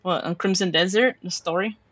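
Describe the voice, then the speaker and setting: A man's voice: high-pitched, brisk, a bit bright, no echo, highs cut off. A male streamer chatting casually and playfully with viewers on a close microphone. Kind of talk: casual live-stream chat.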